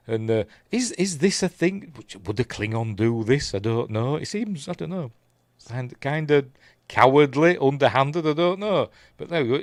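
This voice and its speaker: A man with a Yorkshire accent, his voice going hoarse, rambling through a live casual episode recap with lots of ums and asides. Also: mid-range voice, no room sound. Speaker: streamer reviewing TV episodes.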